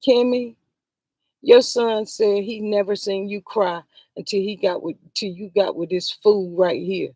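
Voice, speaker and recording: A woman's voice: medium pitch, fairly even intonation, measured pace, warm tone, no echo. A woman giving heated livestream commentary on a reality show, scolding the people she talks about directly and sighing in exasperation. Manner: exasperated, sighs "Lord have mercy".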